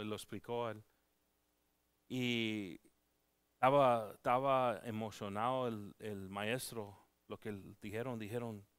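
A man preaching a church sermon in an earnest, halting way, often restarting his words. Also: lowish voice, fairly even intonation, a bit bright, clean tone, no room sound. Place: church service.

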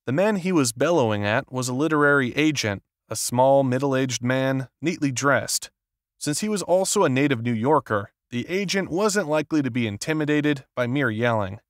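A man narrates an audiobook from a script, keeping his storytelling voice steady and measured. The recording is dry and studio quality, and his voice is mid-range.

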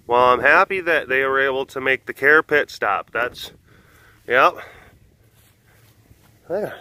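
A man who works with big cats, chatting and joking as he walks outdoors around a sanctuary, cooing softly at the animals. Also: mid-range voice, slow pace, a little hiss or hum. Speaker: big cat keeper at a wildlife facility. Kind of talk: casual walking vlog. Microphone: handheld phone.

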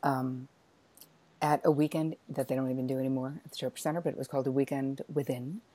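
A middle-aged woman hosting an interview, telling a lively personal story in a chatty, animated way. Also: very deep voice, fast talker. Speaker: podcast host.

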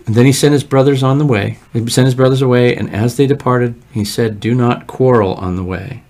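Male pastor, mid-pitched, reading and explaining scripture in a casual, lively way. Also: brisk, few pauses. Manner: conversational, lively asides, frequent "right?" check-ins. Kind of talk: morning prayer Bible reading and commentary. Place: church.

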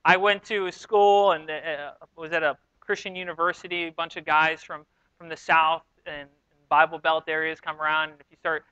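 A man from New York giving a sermon as pastor, telling stories in a relaxed, self-deprecating way. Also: a little high, moderate pace, smooth, no room sound, highs cut off. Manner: conversational, self-deprecating storytelling. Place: church sanctuary.

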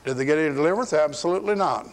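Folksy preacher man, raised pitch. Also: racing. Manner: folksy, acts out biblical quotes in paraphrase. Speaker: pastor. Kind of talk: sermon. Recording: 1980s archival sermon tape.

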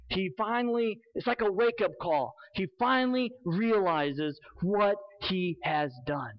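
A male pastor preaching a sermon in church, earnest and emphatic, slowing down for dramatic weight. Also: sits high. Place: church sanctuary. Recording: dull lo-fi sermon recording.

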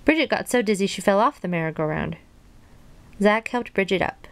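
A woman reading a children's storybook aloud in a plain, gentle way, dropping in casual asides. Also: medium pitch, expressive, brisk, a little hiss or hum. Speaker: storybook reader.

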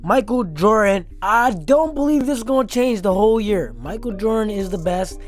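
A young gaming YouTuber with a high, animated voice talks at a moderate pace over background music. His gameplay commentary is hyped and profane, full of playful trash talk as he roasts his opponents while playing.

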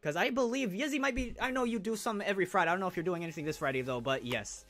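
A man's voice: sits high, racing, a bit bright. Hyped young man streaming, slangy chat. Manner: hyped, slangy, chatty with viewers. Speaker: live stream host opening trading cards. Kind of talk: casual live-stream chat.

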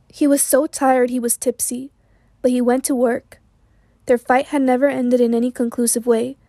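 A hoarse woman reading a literary novel aloud in a measured, even way. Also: a little high, dry recording, studio quality. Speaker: audiobook narrator. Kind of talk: literary audiobook narration.

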